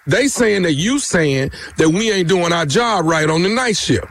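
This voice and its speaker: Prank-call bit: a man doing a tough night-shift guy, high voice, heated and repetitive. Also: lively intonation, moderate pace, a bit bright, exaggerated voice. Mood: threatening. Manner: confrontational, repetitive, street slang. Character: angry male night-shift worker threatening a coworker. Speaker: prank caller, radio host. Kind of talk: radio prank phone call.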